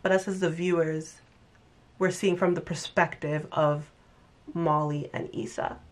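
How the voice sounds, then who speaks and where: A young woman giving a casual, animated TV recap, chatting fast and acting out lines with exaggerated voices. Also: low voice. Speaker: TV recap vlogger. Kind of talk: casual commentary.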